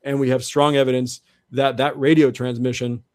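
A man talks in an even middle register, working through his points with earnest, repeated restarts. The sound is dry and close, with no room around it. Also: mid-range voice, moderate pace, no echo. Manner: earnest, restarts often, builds argument step by step. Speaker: guest. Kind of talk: conversational interview explanation.

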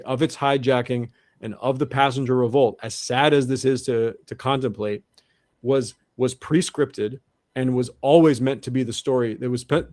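Male guest, earnest and halting, middle pitch, dry recording. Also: darkish tone, dry recording. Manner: earnest, repeats and restarts often. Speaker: guest researcher. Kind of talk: interview monologue.

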